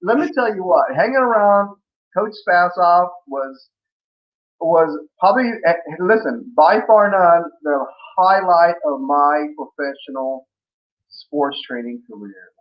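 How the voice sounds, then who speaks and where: A man guest recounting stories at length, circling back with many restarts and fillers. His voice sits somewhat high for a man. The audio is a little muffled and lo-fi. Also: slow. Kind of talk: casual interview storytelling.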